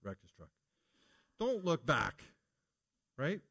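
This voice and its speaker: A middle-aged man preaching a sermon in a relaxed, conversational way, telling stories and asking rhetorical questions. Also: a little high, slow pace, vocal fry, slightly rough.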